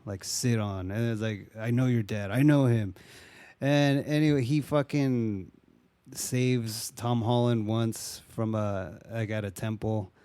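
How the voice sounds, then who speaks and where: A man's voice: medium pitch, fairly even intonation, takes it slowly, dark tone, clear, resonant tone, dry recording. A young man casually retelling a movie plot, swearing often and acting out the characters' lines. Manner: laid-back, swears often, acts out quotes.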